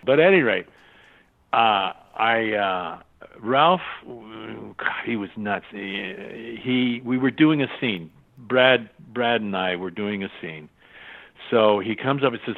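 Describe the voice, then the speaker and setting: A man's voice: fairly low pitch, measured pace, creaky. Older man, storytelling guest, acts out quotes, laughs a lot, tinny phone-like audio. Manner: animated anecdotes, acts out quoted voices, laughs often. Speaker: interview guest. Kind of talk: casual storytelling interview. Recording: tinny phone-line sound.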